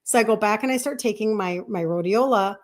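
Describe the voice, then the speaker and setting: A woman in her fifties, a health coach on a live stream, telling a personal story in a chatty, animated way and acting out bits of dialogue. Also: mid-range voice, fairly quick. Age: 50s.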